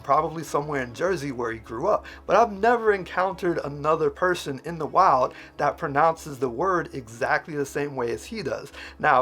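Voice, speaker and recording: A man's voice: mid-range voice, a bit bright. Man explaining speech, faint music behind. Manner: explanatory, lecturing with spoken examples. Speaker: host explaining dialect features. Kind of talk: analytical video commentary.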